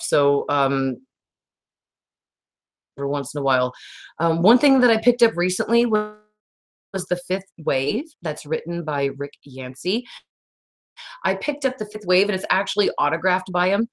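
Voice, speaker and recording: Woman host, 30s, raspy today; loose chatty livestream delivery, lower pitch. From Texas. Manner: rambling, laughs often, reads viewer comments. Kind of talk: casual livestream chat.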